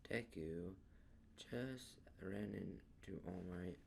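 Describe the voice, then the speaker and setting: A man casually narrating a fan story in a rambling, drawn-out way. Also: sits low, creaky, darkish tone, slight background noise.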